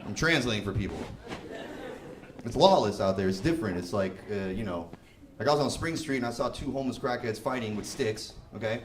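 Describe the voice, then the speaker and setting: A man's voice: fairly low pitch, expressive, brisk. A young man doing a stand-up comedy set, casual and profane, laughing through his bits. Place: live comedy venue. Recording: roomy live venue with noise.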